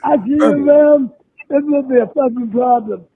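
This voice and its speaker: A man's voice: very high voice, normal speed, a little hiss or hum. Threatening man on a tinny phone line. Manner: threatening, cursing. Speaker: voice in a played message. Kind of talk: angry profane rant.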